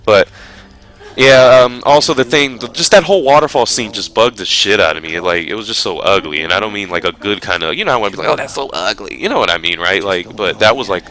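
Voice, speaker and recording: A man ranting casually about a game trailer in a vlog, animated and profane, rambling with lots of fillers. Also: on the low side, fast talker. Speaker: vlogger reviewing a game trailer. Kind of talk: casual rant.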